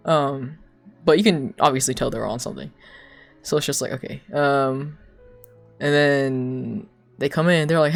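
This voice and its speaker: A young adult livestreamer telling a long story to chat in a loose, casual way, full of "like", swearing and laughter, with quoted people acted out in sudden jumps of pitch. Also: unhurried, creaky, pauses often, faint music behind. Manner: rambling, heavy use of "like", swears, laughs between lines.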